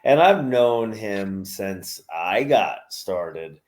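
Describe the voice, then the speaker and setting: A man hosting a podcast, chatting casually, with frequent pauses and fillers. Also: lowish voice, animated, a little mellow. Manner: unhurried, halting with fillers. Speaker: podcast host. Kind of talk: casual chat.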